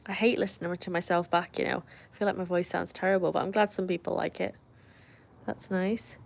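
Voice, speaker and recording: A British woman talks a little fast in a fairly low voice with vocal fry and little pitch movement while hosting a livestream. She chats casually, reads viewer comments out, laughs frequently and makes friendly asides.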